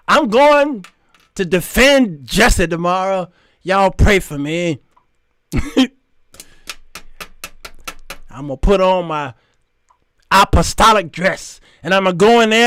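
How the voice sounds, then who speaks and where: A man's voice: high voice, fairly bright tone, smooth, no room sound. A man doing a grandiose churchgoing woman lawyer. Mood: boastful. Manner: preachy and grandiose, stretching words for effect. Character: showy churchgoing woman lawyer, eager and self-important.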